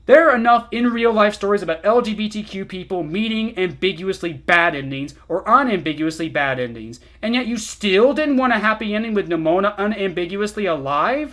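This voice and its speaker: A man's voice: high-pitched, sing-song, fairly quick, fairly bright tone. A young man ranting in a comment reaction vlog, exasperated and sarcastic, swearing a lot. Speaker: video essayist.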